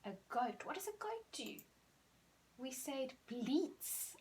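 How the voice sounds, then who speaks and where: Lady teacher, slow clear talk for little kids, bit high, faint room hiss. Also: very animated, a little mellow. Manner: slow, clear, encouraging teacher talk, drawing out animal sounds. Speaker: primary school teacher. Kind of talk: recorded remote lesson for children.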